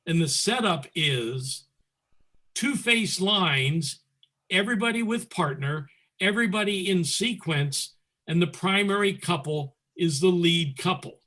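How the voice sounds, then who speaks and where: This man has a fairly high voice for a man. He is teaching square dance calling over a video call and breaks his moves into crisp, clipped commands between steady explanations. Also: measured pace. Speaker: square dance caller presenting. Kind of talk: teaching talk, calling demonstration calls.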